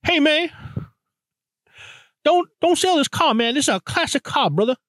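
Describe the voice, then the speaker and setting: A man putting on the voice of a friendly, excited stranger who keeps calling him "man" and "brother" while urging him to keep his car. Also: very high voice, moderate pace, no room sound, studio quality, voice pushed up. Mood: insistent. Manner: emphatic, repeats "man" and "brother".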